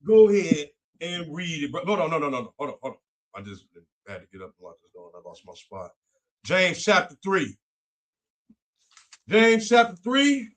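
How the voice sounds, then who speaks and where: A young man with a high, light voice delivers Bible study talk with fervor, repeating himself and slipping into casual speech. He speaks as a co-host leading a faith discussion. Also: fast talker, a little mellow. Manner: fervent, repetitive, colloquial.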